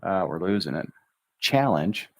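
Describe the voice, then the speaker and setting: An American man teaching English pronunciation on a livestream, drawing out syllables slowly and thinking aloud as he writes. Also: low voice, sing-song, no room sound. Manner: slow, drawn-out enunciation of syllables; chatty, thinks aloud while writing. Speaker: English tutor.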